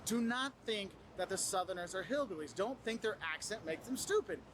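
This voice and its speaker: A man presenting travel tips in casual advice to the camera, animated and acting out what other people say. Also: sits high, fairly quick, background noise. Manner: animated, acts out quoted people.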